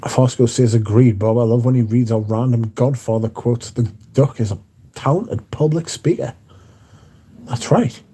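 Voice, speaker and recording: A man's voice: medium pitch, moderate pace, mellow, slightly rough. A man hosts a livestream from home, reading out viewers' chat and bantering back in a laid-back way with casual swearing. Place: indoors at home.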